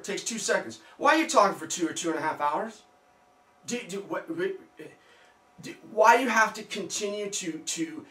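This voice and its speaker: A man's voice: high voice, sharp tone. A man giving casual skeptical commentary to his viewers, firing off rhetorical questions and mocking asides. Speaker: video blogger. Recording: roomy, distant from the mic.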